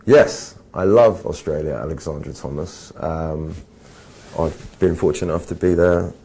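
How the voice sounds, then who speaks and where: A man with an English accent, an actor answering interview questions in a slow, measured, dry and teasing way. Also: a bass voice, warm tone, slightly rough.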